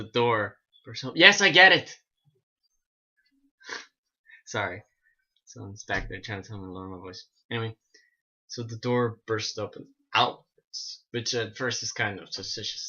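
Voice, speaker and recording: A man tells a story to his vlog camera at home, rambling and animated and often restarting his sentences. His voice is bright and pointed. The recording sounds dull and lo-fi. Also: mid-range voice. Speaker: vlogger.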